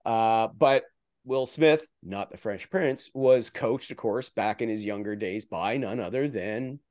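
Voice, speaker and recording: A man's voice: lowish voice, unhurried, darkish tone, dry recording, clean studio sound. A man talking as a guest analyst in a casual podcast chat, rambling with restarts and jokey asides.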